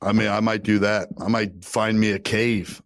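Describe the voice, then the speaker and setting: A man's voice: lowish voice, level tone, moderate pace, no room sound. A man co-hosting a casual comedy podcast, crude and joking, who acts out movie scenes with big swings in emotion. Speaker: podcast co-host.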